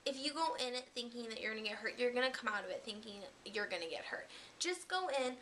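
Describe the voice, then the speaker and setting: A woman's voice: on the high side, expressive, quick pace, bright, forceful tone, a little hiss or hum. A young woman vlogger talking candidly to the camera, giving relationship advice in a chatty, casual way with some mild swearing.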